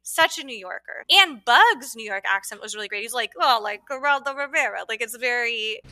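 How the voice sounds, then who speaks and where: A woman co-hosting a podcast, chatting and gushing with quick asides. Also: a little high, bright, forceful tone, a little hiss or hum. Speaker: podcast co-host. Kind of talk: casual chat.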